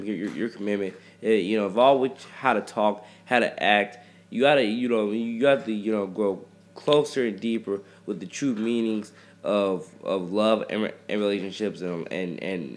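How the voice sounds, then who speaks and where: A man giving rambling advice on love and friendship to his viewers, repeating himself and restarting often in a preachy way. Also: fairly low pitch. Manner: addresses listeners as ladies and gentlemen. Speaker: rapper talking to viewers.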